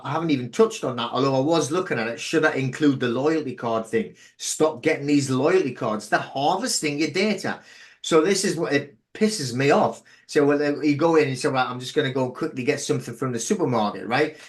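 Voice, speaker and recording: Male guest, slightly high voice, emphatic and indignant. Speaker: interview guest. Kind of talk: casual podcast interview.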